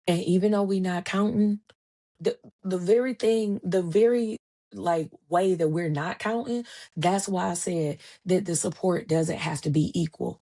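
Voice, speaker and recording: With a low-leaning voice and measured pace, a thirtysomething woman runs a solo podcast. Her storytelling is animated and colloquial, and she voices each character's lines herself.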